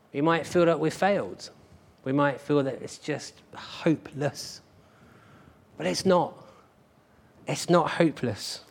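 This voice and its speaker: A pastor with a mid-range voice preaches a sermon at a church service. He's earnest and emphatic, hammering his points home with repeated phrases.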